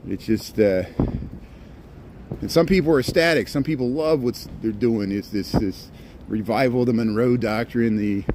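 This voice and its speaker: Man in the middle range, walking outdoors and rambling to his live-stream chat on a phone mic, with light street noise behind him. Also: medium pitch. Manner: rambling, chatty, reads out viewer comments. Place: outdoors on city streets at evening.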